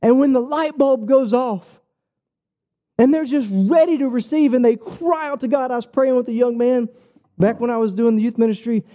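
Animated high-voiced male preacher. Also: normal speed. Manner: animated storytelling with quoted dialogue; casual, says "bro" and "like". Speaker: pastor. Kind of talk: sermon.

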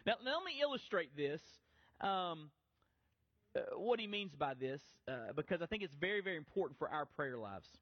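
A man's voice: fairly high pitch, sing-song, normal speed, dry recording, muffled recording. A middle-aged male pastor preaching a sermon in a conversational, easygoing way, often restarting his phrases.

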